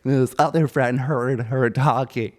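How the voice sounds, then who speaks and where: A man's voice: mid-range voice, steady tone, unhurried. A young man co-hosting a comedy podcast, chatting casually and rambling with many restarts and fillers. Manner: rambling, hesitant, full of restarts.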